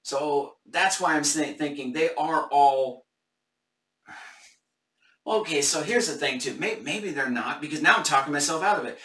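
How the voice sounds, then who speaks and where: A man's voice: fairly high pitch, moderate pace, fairly bright tone, reverberant, far from the mic. A man hosting a casual Bible study discussion live on camera, thinking aloud with hesitant restarts.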